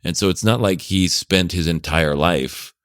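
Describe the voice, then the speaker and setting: Deep-voiced man telling rambling stories. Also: measured pace, fairly bright tone, no room sound, studio quality. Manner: rambling storyteller, chuckles often. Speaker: podcast guest, parenting coach. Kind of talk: casual chat.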